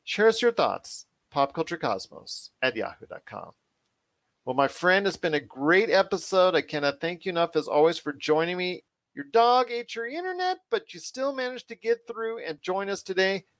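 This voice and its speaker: Brief: eager male podcast host, slightly high voice, dry close recording, loops back on his phrases. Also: big pitch swings, moderate pace, a bit bright, no echo. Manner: enthusiastic, repetitive phrasing, addresses guest as my friend. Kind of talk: casual podcast chat.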